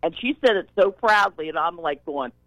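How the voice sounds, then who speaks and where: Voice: medium pitch, expressive, moderate pace, fairly bright tone, dry recording, rough recording. A caller on a call-in radio show, retelling a story and repeating what was said. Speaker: caller, store worker. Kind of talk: phone-in storytelling.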